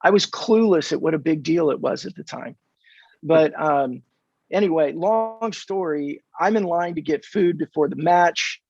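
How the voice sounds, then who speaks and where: Fifties american guy from california, gravelly fry, kinda high voice, lively storyteller, dull dry podcast audio. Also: a little slow, no room sound. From California, USA. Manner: animated storyteller who acts out dialogue. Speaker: podcast guest. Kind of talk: casual interview storytelling.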